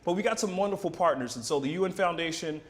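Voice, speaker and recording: A man's voice: a little high, fast talker. A man hosting a live charity broadcast, enthusiastic and promotional. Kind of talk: upbeat live-stream hosting. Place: broadcast set in Philadelphia.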